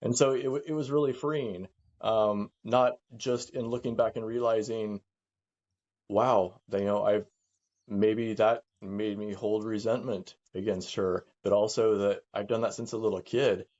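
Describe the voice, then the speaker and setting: Halting, reflective man, lo-fi sound. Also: fairly low pitch, fairly even intonation, darkish tone. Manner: halting, repeats words, reflective. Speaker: guest. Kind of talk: candid conversation.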